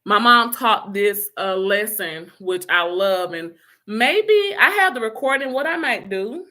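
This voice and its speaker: A woman's voice: mid-range voice, expressive, a little slow, bright, forceful tone. A middle-aged woman life coach giving an emphatic motivational talk, repeating her calls to action and sometimes laughing at herself. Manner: emphatic, repetitive exhortations, slips into laughter and self-teasing.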